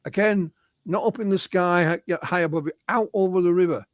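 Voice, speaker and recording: An English man, a guest researcher and author, telling stories in a relaxed interview and often quoting the witnesses he spoke to. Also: sits high, a little fast, no echo. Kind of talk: conversational storytelling interview.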